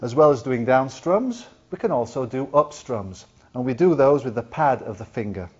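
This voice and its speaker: Speaking at a normal speed with lively intonation, a man with a mid-range, darkish, breathy voice teaches ukulele, patiently explaining each step and counting beats aloud while demonstrating. Soft background music and ukulele playing are heard in this slightly dull lo-fi video recording.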